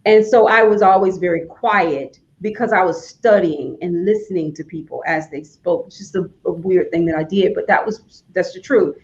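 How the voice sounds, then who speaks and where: A woman's voice: normal speed, few pauses, darkish tone. A woman with a Southern US accent from Alabama, hosting a casual interview as an author, chatty and emphatic. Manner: chatty, emphatic, rising to high exclamations. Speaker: host, author. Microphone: video call. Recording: dull lo-fi stream audio.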